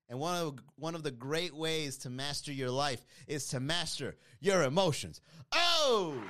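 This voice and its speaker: A man hosting a podcast live stream, chatting casually with viewers and reading comments in a joking, mocking way. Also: on the high side. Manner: animated, joking, mocking with playful put-on voices.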